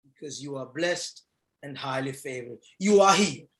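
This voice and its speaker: Man, motivational speaker, preacher cadence, fervent, shouting, call-and-response. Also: mid-range voice, expressive, moderate pace. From England. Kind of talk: preacher-style motivational speech.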